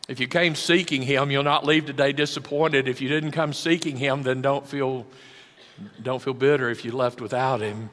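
A man's voice: mid-range voice, steady tone, normal speed, a bit bright, in a large hall. A man preaching a sermon, dramatic, with big shifts in volume for emphasis. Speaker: pastor.

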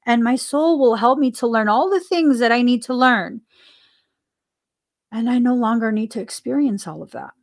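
A woman's voice: fairly high pitch, moderate pace. A woman hosting a spiritual podcast, musing earnestly about her own life, asking herself questions and laughing often. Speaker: podcast host. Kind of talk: reflective spiritual talk.

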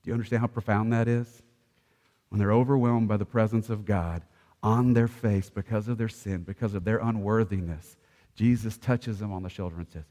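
A man preaching a sermon, swinging between loud, ringing declarations and hushed, soft passages. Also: on the low side, steady tone, fairly quick, long reverb tail. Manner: impassioned preaching, swelling loud then dropping soft. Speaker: pastor.

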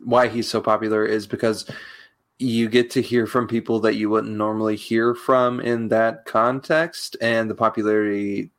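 Laid-back low-voiced man chatting. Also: flat delivery. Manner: laid-back, loose, with lots of fillers and quick laughs. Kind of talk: casual chat.

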